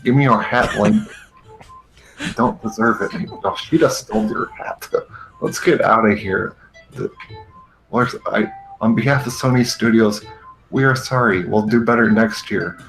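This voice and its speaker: A man hosts a comedy show with a gravelly, low-set voice. He rants slowly and sarcastically, laughing as he goes. Faint music sits under him. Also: a bit bright, low-quality recording. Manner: sarcastic, exasperated, frequent laughing. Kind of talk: comedic rant, parody commentary.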